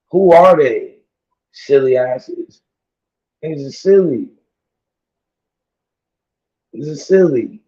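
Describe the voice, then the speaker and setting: A man ranting casually to his audience in heavy slang, laughing and repeating himself, his voice strained from yelling. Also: mid-range voice, echoey room. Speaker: vlogger. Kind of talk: casual rant to camera. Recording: dull lo-fi audio.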